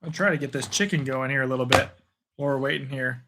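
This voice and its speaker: A man hosting live play-by-play and reaction, chatty and casual between quick bursts of calling the action. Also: mid-range voice, pushed and bright, slight background noise. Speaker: host.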